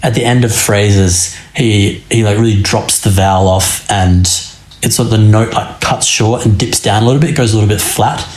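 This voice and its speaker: Young man, band singer, low voice, rambling podcast talk, echoey room. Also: normal speed, a little mellow. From Australia. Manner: rambling, loose, many fillers and restarts. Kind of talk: casual podcast chat. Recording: roomy echo.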